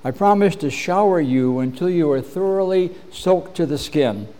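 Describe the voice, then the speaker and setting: A middle-aged man preaching a measured, earnest sermon as pastor, often clearing his throat. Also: fairly high pitch, lively intonation, warm tone.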